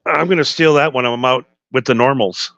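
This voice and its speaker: A man co-hosting a casual podcast, crude and quick to laugh. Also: mid-range voice, a bit bright, dry recording. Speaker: podcast co-host. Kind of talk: casual chat. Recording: dull, dry recording.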